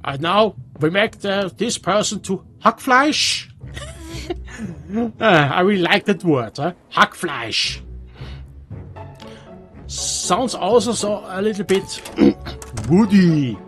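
A man with a Swiss German accent, a native Swiss German speaker, giving halting gameplay commentary in English with many restarts. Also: high voice, expressive, a bit bright, faint music behind. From Switzerland. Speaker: let's player.

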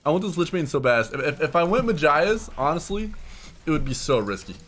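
A young man giving excited, laughing commentary while playing a video game, with loud yelps between mumbled asides. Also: on the high side, fairly quick. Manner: hyped, yelling bursts and mumbled asides; laughs often. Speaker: streamer. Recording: game music behind voice. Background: game music.

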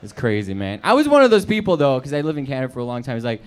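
A young Colombian man performing a stand-up comedy set on a club stage, jumping into quick put-on voices. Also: mid-range voice, huge pitch swings, smooth. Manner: quick asides and put-on voices for quoted people.

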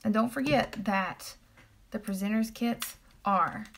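A woman's voice: medium pitch, a little slow, gravelly. A woman chatting casually with viewers on a live stream while she applies makeup and talks about the products. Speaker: makeup seller doing a live demo.

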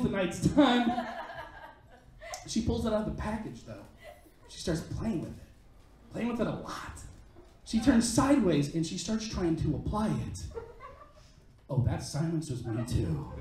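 A man's voice: a little high, sing-song, moderate pace, long pauses, darkish tone, slight background noise. A man performing stand-up comedy on a club stage, telling a crude story in a brash, punchy way. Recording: echoey club heard from a distance. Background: audience laughter.

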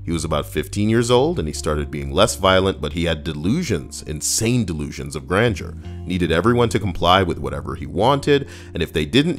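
A man streaming, chatting casually and joking as he reads viewer comments and a story aloud. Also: low voice. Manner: joking and playful.

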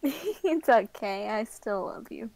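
A woman's voice: fairly high pitch, expressive, slow, gravelly, no room sound. A woman co-hosting a live stream, chatting in a playful, giggly way. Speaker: stream co-host. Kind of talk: casual chat on a live stream.

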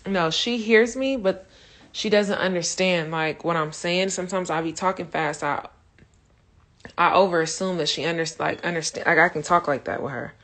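A woman's voice: lowish voice, moderate pace, a bit bright. A young woman casually chatting to her viewers on a phone livestream, swearing freely and calling them y'all. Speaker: Instagram Live host.

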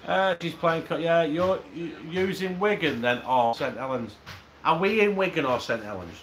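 A man's voice: fairly high pitch, animated, normal speed, fairly bright tone. A man with an Oldham accent hosting a casual livestream, swearing and cracking jokes. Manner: sweary, joking, chatty. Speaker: livestream host. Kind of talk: casual banter. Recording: roomy echo with background noise.

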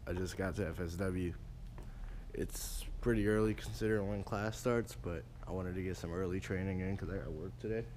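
A hoarse man talking casually to camera at a wrestling training school. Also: sits low, a little fast, slight background noise. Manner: relaxed, chatty. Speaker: vlogger and wrestler. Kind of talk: casual vlog talk.

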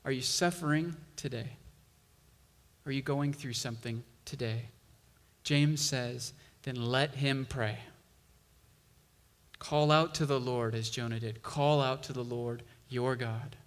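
Slow-preaching pastor in a reverberant hall. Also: male voice, mid-range voice, fairly even intonation. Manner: slow, emphatic preaching with rising intensity. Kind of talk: sermon.

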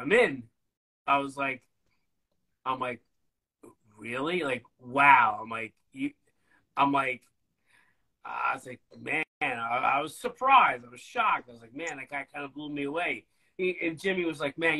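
A man, a band's bass player, telling stories in a casual, rambling, profane way during an interview. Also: normal speed, long pauses, low-quality recording. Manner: profane, rambling, animated storytelling.

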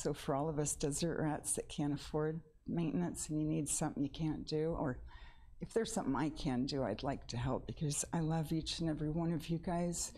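Woman, middle-aged, warm low tone, emotional testimony close to tears. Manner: rambling and emotional, close to tears, laughs between sentences. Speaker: church member giving a testimony. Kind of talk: spoken testimony. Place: church sanctuary.

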